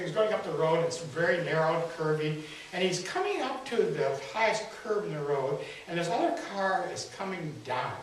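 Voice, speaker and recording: A man giving a folksy inspirational talk at a spiritual center, telling a story and asking the audience questions. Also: a little high. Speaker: spiritual speaker. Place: large hall at a spiritual center. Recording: echoey hall, distant mic, faint hiss.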